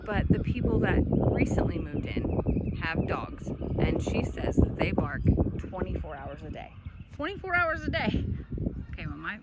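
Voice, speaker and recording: A woman's voice: fairly low pitch, animated, moderate pace. A woman, vlogging casually outdoors on a farm as she does chores and chats fondly to her animals. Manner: chatty, talks fondly to the animals. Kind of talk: casual vlog while doing farm chores. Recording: loud outdoor noise behind the voice. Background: chickens and a rooster clucking.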